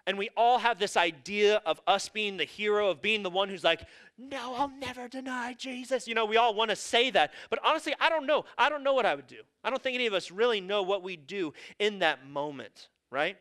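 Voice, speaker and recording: A man's voice: high-pitched, animated, fairly quick, few pauses, a bit bright, clean tone. A male pastor preaching a sermon in an earnest, conversational way, with casual asides.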